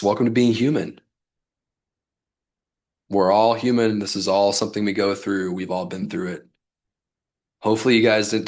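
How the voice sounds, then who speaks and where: A man coaching his audience in a casual livestream, loose and fired up, peppering his talk with "like" and mild swearing. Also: lowish voice. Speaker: business coach.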